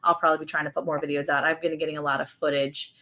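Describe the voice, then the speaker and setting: Southern lady chatting on a ranch livestream, kinda low voice, laughs a lot, reads comments out. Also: level tone, racing, pushed and bright. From American South. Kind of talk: casual livestream chat.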